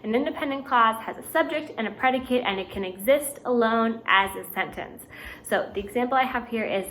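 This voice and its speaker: A woman teaching a recorded grammar lesson, explaining patiently and reading example sentences out slowly. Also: a little high, a bit bright, a little hiss or hum, low-quality recording. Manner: clear, patient explaining with slow read-out examples.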